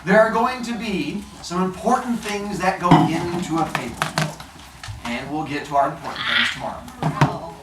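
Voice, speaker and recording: A man's voice: sits high, normal speed, echoey room, noisy background. Playful male teacher telling a fable. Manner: playful, animated, acts out characters. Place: classroom.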